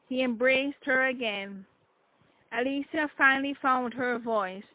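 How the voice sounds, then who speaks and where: A woman author reading her own novel aloud in a measured, deliberate way. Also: sits high, dry recording. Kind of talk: audiobook narration. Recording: tinny phone-like dry sound.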